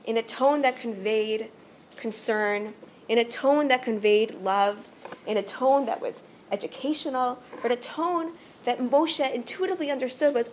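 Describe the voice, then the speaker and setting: Earnest high-voiced woman teacher. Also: moderate pace, slight background noise. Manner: earnest, explanatory, frequent "right?" check-ins. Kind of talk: religious teaching talk.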